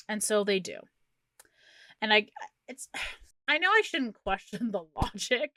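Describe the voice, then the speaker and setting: A woman co-hosting a movie podcast, recounting a film's plot in casual, exasperated, animated chat with plenty of swearing. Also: a little high, measured pace, no room sound, studio quality. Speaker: podcast co-host.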